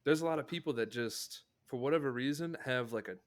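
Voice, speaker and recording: A man's voice: mid-range voice, fast. Laid-back man musing in casual chat. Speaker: podcast co-host.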